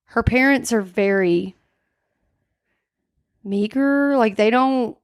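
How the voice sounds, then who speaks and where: A woman's voice: fairly high pitch, slow. A woman co-hosting a podcast in casual chat, telling a story with lots of "like" fillers and acting out the quoted lines. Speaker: podcast co-host. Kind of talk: casual true-crime chat.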